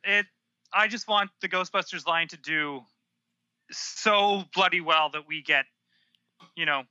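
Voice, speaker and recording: Man, podcast guest, high sharp voice, animated, dull remote call audio. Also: measured pace, dry recording. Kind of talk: casual chat.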